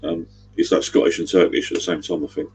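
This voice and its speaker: A man's voice: low-pitched, flat delivery, fast, a little mellow, a little hiss or hum. A middle-aged man, rambling chattily on a livestream. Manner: rambling, chatty, gives directions. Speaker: livestream host. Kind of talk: casual livestream chat.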